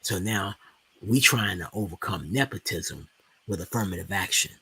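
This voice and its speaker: Gravelly, heated DC man ranting. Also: low-pitched, moderate pace, sharp tone, slight background noise. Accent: Washington DC. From Washington DC, USA. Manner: heated, profane storytelling with many restarts. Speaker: stock market video host. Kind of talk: casual ranting monologue.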